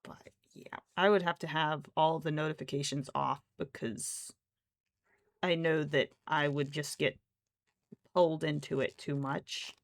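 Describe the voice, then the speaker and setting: Chatty woman with a creaky voice. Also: low-pitched, steady tone, unhurried, dry recording. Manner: chatty, talks to her cats in baby talk. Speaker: streamer. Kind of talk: casual chat while crafting.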